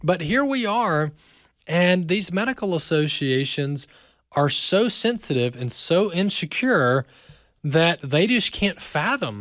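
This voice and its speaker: A man's voice: on the high side, very animated, a little slow, fairly bright tone, dry recording, studio quality. A man with an American accent hosting a talk radio show, speaking emphatically and repeating words as he builds his point.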